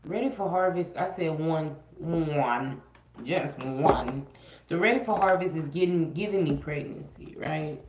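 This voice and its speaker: A chatty woman with a fairly low voice runs a casual tarot livestream, full of slang and repeated phrases. Her voice bounces around an echoey room. The sound is a little muffled and lo-fi. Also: a little slow, noisy background. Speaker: tarot reader.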